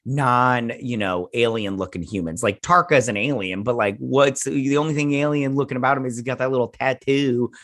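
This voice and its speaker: A man's voice: medium pitch, moderate pace, hardly any pauses, a bit bright. A man hosting a show review, retelling scenes in loose, rambling paraphrase as casual episode breakdown chat.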